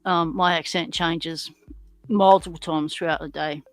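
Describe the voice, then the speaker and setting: A woman chatting casually on a livestream, laughing through her sentences and filling pauses with um. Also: deep voice, fairly even intonation. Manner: chatty, laughs mid-sentence, many ums. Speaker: livestream guest. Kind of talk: casual chat. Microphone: headphones and computer mic.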